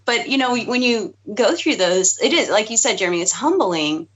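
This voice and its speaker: A woman chatting casually as a podcast guest co-host, talking quickly with lots of fillers and giggles. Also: fairly high pitch, lively intonation, slightly rough. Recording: dull lo-fi podcast audio.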